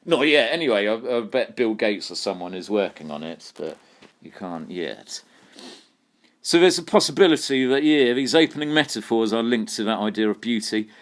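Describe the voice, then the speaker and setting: A man's voice: on the low side, animated, normal speed. A man teaching a poetry lesson, thinking aloud and putting questions to his students. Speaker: English literature teacher.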